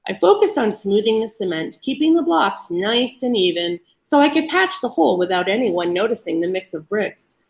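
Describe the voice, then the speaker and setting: A woman reading a first-person story aloud to an audience in a calm, measured way. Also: mid-range voice, creaky. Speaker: story reader. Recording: roomy echo.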